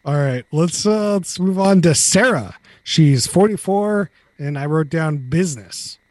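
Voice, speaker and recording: A man hosting a casual podcast discussion. His voice sits a touch high and moves a lot in pitch. The sound is dry and close to the mic. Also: animated, measured pace, darkish tone, no room sound. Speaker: podcast host. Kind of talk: casual chat.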